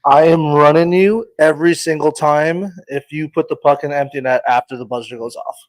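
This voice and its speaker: A man's voice: a little high, fairly quick, low-quality recording. Stammering laid-back American co-host man. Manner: laid-back storyteller, stammering restarts, lots of "like". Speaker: podcast co-host. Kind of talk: casual sports podcast chat.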